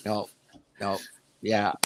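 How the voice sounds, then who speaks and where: A man's voice: on the low side, completely flat delivery, drawn-out words, slight background noise. A man in casual talk-show chat who jokes and laughs easily.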